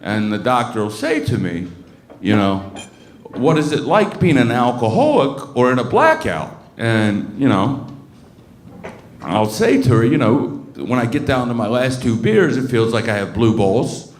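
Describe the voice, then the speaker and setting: A man's voice: mid-range voice, very animated, unhurried, echoey room, slight background noise. A man in his thirties from Baltimore doing a crude, rambling stand-up set, full of fillers and restarts. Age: 30s. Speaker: stand-up comic. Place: comedy club stage.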